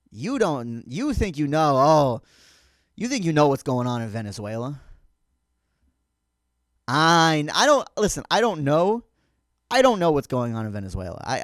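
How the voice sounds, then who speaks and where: A man with a fairly high voice riffs in a rambling, sardonic comedic monologue, his pitch leaping up and down as he goes. He restarts often and drops to a softer, halting tone when he gets personal. The sound is dry and close, with no room around it. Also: no echo. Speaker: podcast host.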